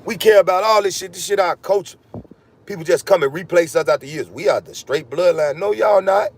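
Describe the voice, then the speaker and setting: A podcast host launches into a heated, expletive-laden rant, his fairly high voice moving at a quick clip. He curses nonstop and hops from one point to the next in a loose, freewheeling monologue.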